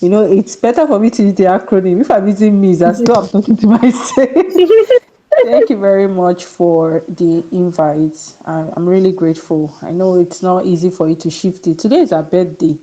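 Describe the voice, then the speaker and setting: A woman who is a little under the weather joins a video call as a guest from home, with a generator running nearby. Her fairly low, mellow voice has a sing-song lilt at a moderate pace, and she is chatty and laughs often, though the audio is dull.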